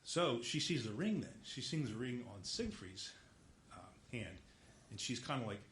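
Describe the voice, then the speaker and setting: A man's voice: medium pitch, big pitch swings, moderate pace, a bit bright. A man giving a casual lecture that retells an opera plot. He rambles and corrects himself, with lots of fillers. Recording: echoey room, faint background hiss.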